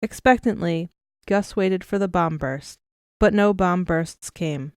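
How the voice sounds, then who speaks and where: Woman reading an audiobook, smooth clear voice, steady, dry close recording. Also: lowish voice, dry recording. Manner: even, measured storytelling. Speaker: audiobook narrator. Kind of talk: scripted narration.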